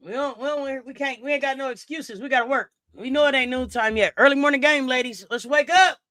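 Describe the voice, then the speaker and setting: A woman hosting a live game watch-along, talking casually in slang, reacting loudly and shouting encouragement at the players. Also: high voice, fairly quick. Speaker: sports stream host.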